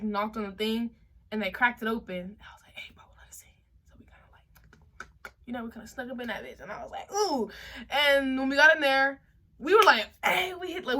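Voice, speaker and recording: A young woman vlogger telling a story in a casual, slangy way, acting out what people said. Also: a little high. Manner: animated, slangy, acts out quotes.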